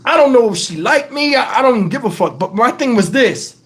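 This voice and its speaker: A man's voice: extremely high pitch, fairly quick. A middle-aged man, telling a rambling story as host of his own channel. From Texas, USA. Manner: animated, profane, rambling with many asides. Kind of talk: casual storytelling to camera.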